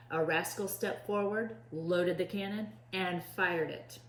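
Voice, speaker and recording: A woman teacher reading a storybook aloud to children with expressive storytelling. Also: lowish voice, measured pace, few pauses, a little hiss or hum. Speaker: preschool teacher. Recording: echoey room.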